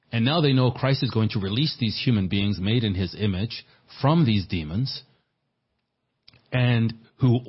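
Male pastor, husky and earnest, repeats words mid-sermon; muffled, lo-fi capture. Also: on the low side. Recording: dull lo-fi sermon recording.

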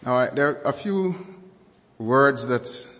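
A man preaching a sermon, speaking slowly and deliberately and repeating key words and definitions for emphasis. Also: mid-range voice, animated, a bit bright, in a large hall.

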